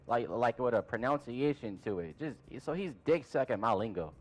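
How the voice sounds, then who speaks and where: A man's voice: mid-range voice, animated, moderate pace, soft background music. A man in a heated, profane rant, accusing another creator of copying him. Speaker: rival YouTuber in clip.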